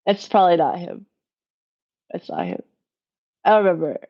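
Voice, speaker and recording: With a lowish voice, vocal fry, and very animated delivery at normal speed, a woman hosts a livestream Q&A from home; the highs are cut off. She's chatty and rambling, correcting herself and laughing frequently as she talks to her chat.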